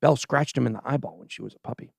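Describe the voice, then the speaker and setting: A man hosting a casual livestream crypto show, giving animated and sarcastic commentary as he chats with a co-host and the live chat. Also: medium pitch, racing, gravelly, breathy edge, no room sound, clean studio sound. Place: show studio stage.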